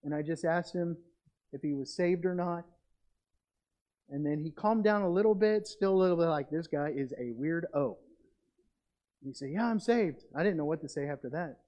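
A male youth pastor, preaching energetically and swinging between loud exclamations and quiet asides. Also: fairly high pitch, fairly quick. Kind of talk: youth sermon with object lesson.

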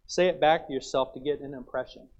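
A man's voice: medium pitch, fairly even intonation, quick pace, darkish tone. Man preaching a folksy sermon, muffled. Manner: folksy, acts out chewing sounds.

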